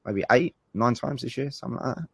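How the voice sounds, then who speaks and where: A man's voice: mid-range voice, quick pace, gravelly, husky, no echo. A man co-hosting a live webinar, answering viewer questions in a blunt, laid-back way. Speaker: co-host.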